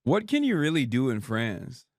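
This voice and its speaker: A man's voice: medium pitch, huge pitch swings, moderate pace, dry recording, studio quality. A man in his thirties giving sarcastic, profane commentary as a streamer host, laughing often. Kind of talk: casual commentary.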